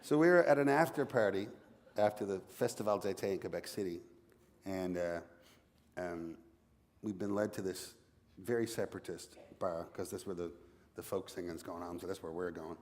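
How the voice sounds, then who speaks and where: A man's voice: deep voice, normal speed, darkish tone, big-room sound, slight background noise. Joking Newfoundland man telling a story. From Newfoundland, Canada. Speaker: author guest. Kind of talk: live storytelling on stage. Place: library event hall.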